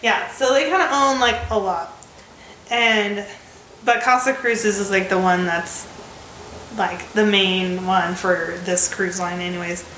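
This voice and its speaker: Chatty American woman in her twenties, bright voice. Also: mid-range voice, steady tone, a little slow, echoey room, slight background noise, poor audio. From United States. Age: 20s. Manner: chatty, many fillers. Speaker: podcast co-host. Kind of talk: casual chat.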